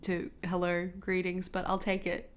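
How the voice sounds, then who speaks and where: A woman's voice: fairly low pitch, monotone, normal speed. A young adult Australian woman chatting casually with viewers while she hosts a journaling livestream. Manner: chatty, bubbly, talks to chat viewers.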